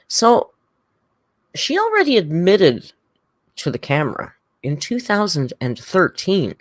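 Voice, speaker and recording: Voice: mid-range voice, big pitch swings, measured pace, dry recording, clean studio sound. A livestream host in casual reaction chat, rambling and chatty, reading out viewer comments.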